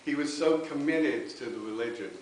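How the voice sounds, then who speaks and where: A man giving a heartfelt spiritualist sermon, often pausing to ask the congregation "okay?". His voice sits at an ordinary middle pitch. It reaches the mic from across a very reverberant church hall, with a faint hiss underneath. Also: far from the mic. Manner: earnest, tag questions with okay. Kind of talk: sermon with personal testimony.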